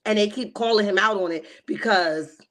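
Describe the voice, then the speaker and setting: A woman hosting a casual reality TV recap livestream, animated and slangy, often laughing and calling her viewers "honey.". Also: medium pitch, normal speed. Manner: slangy and emphatic.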